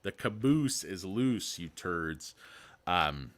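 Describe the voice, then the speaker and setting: A man's voice: low-pitched, expressive, slow pace, a bit bright. A man hosting a casual stock market video, rambling and irreverent with crude jokes, tired from lack of sleep.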